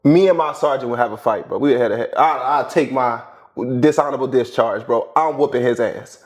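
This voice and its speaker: A man's voice: mid-range voice, fairly quick. A man co-hosting a casual reaction chat, emphatic and slangy, repeating his points. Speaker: co-host.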